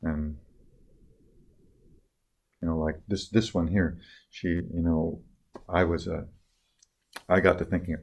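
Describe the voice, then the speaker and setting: An older man telling personal stories in a reflective talk, halting with many restarts and trailing off softly at tender moments. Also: sits low, level tone, slightly rough. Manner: soft-spoken, dropping quieter on tender moments.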